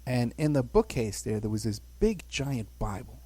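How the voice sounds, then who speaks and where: Recounting his childhood on a podcast, a man in his sixties from the Bronx, New York, talks casually and at length, chuckling and repeating "you know." His mid-range voice is husky and warm, very animated, at a moderate pace, on a dry recording.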